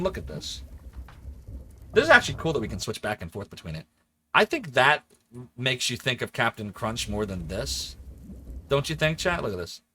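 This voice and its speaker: A man's voice: mid-range voice, slight background noise. A man in his forties from the Philadelphia area, chatting animatedly and laughing often while streaming a game. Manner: animated, chatty, laughs often, jumps between joking voices. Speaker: livestreamer. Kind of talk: casual let's-play chat.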